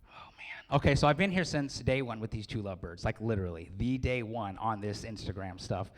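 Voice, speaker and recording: A man's voice: fairly low pitch, animated, brisk. A man in his forties giving a joking, self-deprecating wedding speech and laughing often. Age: 40s. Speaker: wedding speaker. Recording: long hall reverb.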